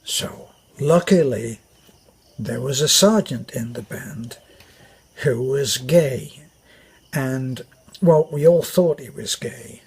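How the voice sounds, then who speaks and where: A man's voice: medium pitch, expressive, takes it slowly, long pauses, darkish tone, breathy edge. An older British man with a British accent telling a meandering army story with many fillers and restarts. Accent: British English. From Britain. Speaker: vlogger. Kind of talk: rambling anecdote.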